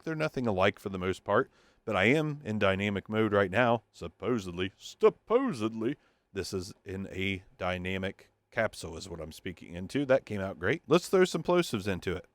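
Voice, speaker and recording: A man with a low voice talks through a microphone review in a casual, joking way, working things out aloud as he goes. The sound is dry and close, with no room echo behind him. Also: lively intonation, a little fast. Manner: joking, thinking aloud as he tests. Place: home recording studio. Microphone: testing a handheld wireless mic.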